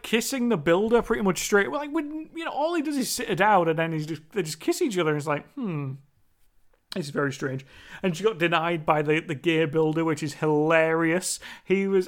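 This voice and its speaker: A young man casually reviewing a movie, rambling, laughing and mimicking lines from the film. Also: sits high.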